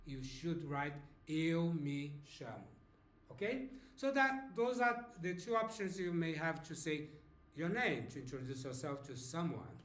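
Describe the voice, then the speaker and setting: A man's voice: fairly high pitch, expressive, a bit bright, reverberant. A man in his fifties from Brazil with a Brazilian Portuguese accent, teaching a beginner language lesson patiently. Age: 50s. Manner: slow, patient, checks in with "okay?".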